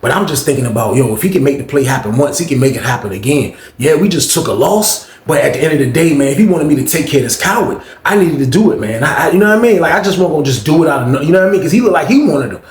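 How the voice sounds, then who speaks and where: A man's voice: a little high, very fast, few pauses. A man telling a profane story casually, acting out the scene in an echoey room. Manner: animated, profane, acts out the scene.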